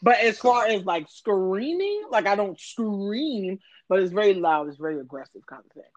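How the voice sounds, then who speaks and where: A woman's voice: mid-range voice, big pitch swings, moderate pace. A woman in her thirties co-hosting a casual podcast chat, blunt and teasing, swearing freely. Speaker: podcast co-host. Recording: dry, dull lo-fi sound.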